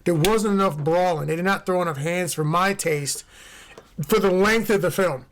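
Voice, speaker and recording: A man with a gravelly, slightly raised voice talks through movies in easy casual chat. He is animated and jokey, riffing on fight scenes and stunts. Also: high voice, normal speed. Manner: animated, jokey, tries out impressions. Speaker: movie review podcast co-host.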